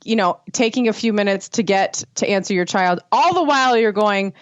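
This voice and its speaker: A woman co-hosting a podcast in casual chat, talking with frequent restarts and lively quoting. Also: medium pitch, brisk, no echo, muffled recording. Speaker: podcast co-host.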